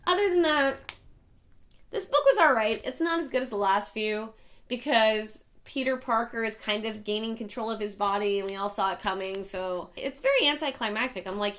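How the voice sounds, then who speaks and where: Woman host, comic reviewer, slightly high voice, loose, profane, animated delivery. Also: normal speed. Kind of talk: casual review vlog.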